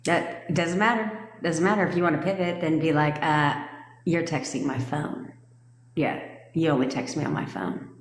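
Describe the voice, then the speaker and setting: A low-voiced woman talks casually to her livestream viewers as their coach. She is blunt and swears freely, laughing often. Her voice rings in an echoey room with a long reverb tail. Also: steady tone, moderate pace. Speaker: manifestation coach.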